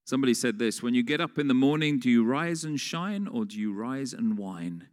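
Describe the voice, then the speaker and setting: A man's voice: medium pitch, animated, a little fast. A man preaching a sermon in a conversational way, putting questions to the congregation. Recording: long reverb of a large hall.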